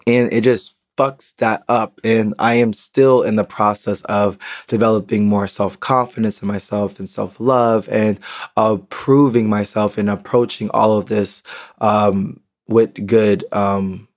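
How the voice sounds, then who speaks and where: Candid American man, halting solo monologue. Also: lowish voice, steady tone. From United States. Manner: candid, halting, with many ums and restarts. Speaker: podcast host. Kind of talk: unedited personal monologue.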